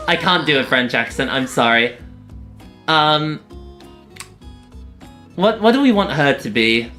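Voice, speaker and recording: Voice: medium pitch, lively intonation, unhurried, long pauses, sharp tone, faint music behind. Rambling streamer chatting over a game. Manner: rambling, self-interrupting, chatting with viewers. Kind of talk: casual live-stream chat.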